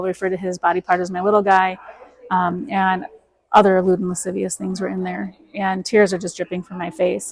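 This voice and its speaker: A woman speaks quickly and keeps her pitch flat and steady. She is a guest telling her own story with force, and she quotes herself and everyone else as she goes. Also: poor audio. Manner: emphatic, quotes herself and others in dialogue. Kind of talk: storytelling in an interview.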